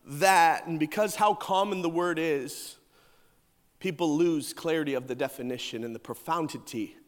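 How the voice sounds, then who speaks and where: In a large hall, a male pastor preaches a sermon that is both emphatic and humorous. His voice is high-pitched and a bit bright.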